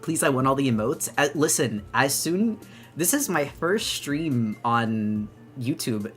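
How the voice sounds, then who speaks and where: A young woman chatting excitedly on her debut live stream, bubbly and gushing, rambling with lots of restarts. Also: rumbling low, a little slow, soft background music. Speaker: VTuber streamer.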